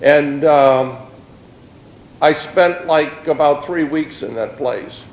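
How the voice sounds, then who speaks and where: A man's voice: fairly high pitch, slow, roomy sound, rough recording. A middle-aged man, giving a plain-spoken personal testimony in an earnest storytelling way.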